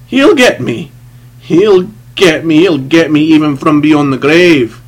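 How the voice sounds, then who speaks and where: A big, guilt-haunted adventurer rages and trembles in an audiobook, played by a man reading the story. His voice comes out gravelly and husky, pushed high and loud. The delivery lurches between bravado and dread. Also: animated, slow pace, full character voice. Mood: terrified. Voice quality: loud, strained and raised in pitch. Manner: blustering outbursts. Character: big haunted male adventurer, defiant yet terrified.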